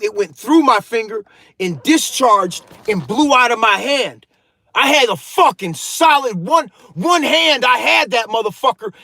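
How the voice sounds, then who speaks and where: Man, high voice, profane, heated storytelling, casual rant, dry close sound. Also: pushed and bright, no room sound. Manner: profane, heated, addresses viewers as you guys. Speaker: storytelling vlogger.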